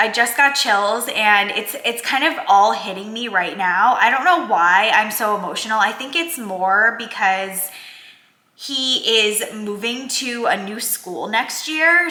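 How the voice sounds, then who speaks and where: A woman's voice: fairly high pitch, sharp tone. A woman in her thirties, a working mom vlogger, talking in a chatty, heartfelt way with lots of filler words. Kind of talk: casual vlog chat. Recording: echoey room.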